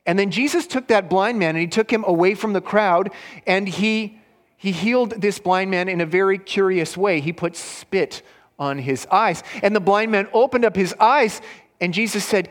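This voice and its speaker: High-voiced man preaching in a reverberant hall. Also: expressive, normal speed. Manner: storytelling, rises in pitch for quoted lines. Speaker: pastor. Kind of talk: sermon retelling a story for children. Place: church hall.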